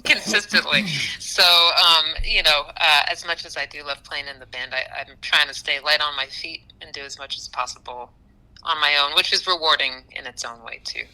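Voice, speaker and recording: A woman musician chatting casually in an interview, animated, with frequent laughs and fillers. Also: low-pitched, normal speed, rough recording. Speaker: musician guest.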